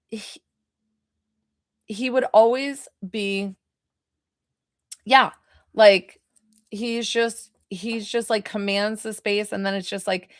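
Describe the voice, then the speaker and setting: A New York woman working as a psychic medium gives a live reading in a medium-pitched voice, chatting away with lots of "like" fillers. The audio is studio quality with no echo.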